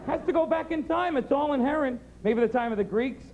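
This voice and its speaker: A man doing an observational stand-up routine, animated riffing with sing-song mimicry. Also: very high voice, fairly quick. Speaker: stand-up comedian. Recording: dull 90s TV recording with crowd noise. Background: audience.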